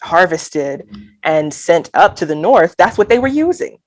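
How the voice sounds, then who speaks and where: A woman's voice: on the low side, big pitch swings, unhurried, dry recording. A woman from Alabama, speaking as a guest poet in an interview, talking candidly and earnestly with light laughs and quoted inner thoughts. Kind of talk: reflective conversational interview.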